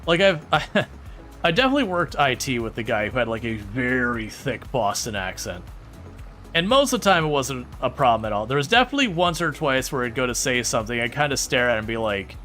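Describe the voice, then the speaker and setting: Casual male streamer, bright tone, easygoing rambling chat, faint music bed. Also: mid-range voice, big pitch swings, fairly quick. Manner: rambling, chatty, answers viewer questions. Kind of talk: casual livestream chat while playing a farming game.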